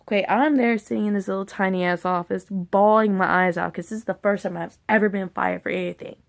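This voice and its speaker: A woman's voice: mid-range voice, fairly even intonation, a little fast, gravelly. Rambling woman telling a personal story. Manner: rambling and candid, with casual swearing. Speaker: vlogger.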